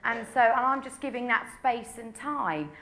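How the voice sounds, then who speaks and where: A woman's voice: on the high side, expressive, normal speed, bright, forceful tone. An English woman in her twenties, a pop singer answering press questions in a chatty, candid way full of "you know". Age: 20s.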